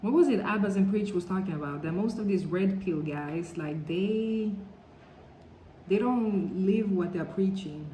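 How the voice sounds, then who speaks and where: A woman chats loosely to her viewers in a storytime vlog, wandering between thoughts and leaning on "like" and "you know." Her voice sits at an ordinary pitch for a woman. It carries a roomy echo over a faint background hum. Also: unhurried, mellow. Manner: chatty, rambling, full of "like" and "you know". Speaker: vlogger. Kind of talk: casual storytime chat.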